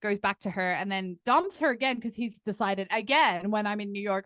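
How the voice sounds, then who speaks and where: A woman's voice: mid-range voice, moderate pace, few pauses, dry recording. A young woman, telling a candid story as a podcast guest, swearing freely and acting out the people she quotes. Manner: profane, animated storytelling with quoted voices. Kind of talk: candid casual chat.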